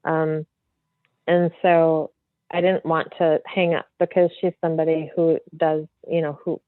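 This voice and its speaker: A woman medium, a podcast guest, telling a story in a free-flowing, animated way full of fillers. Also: deep voice, unhurried, dry recording. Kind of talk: casual storytelling in an interview. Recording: tinny phone-like line, dry.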